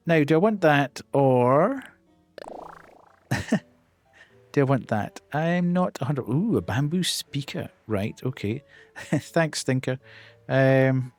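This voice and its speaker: A man's voice: medium pitch, darkish tone. A man chatting casually as he streams a game, muttering to himself as he plays.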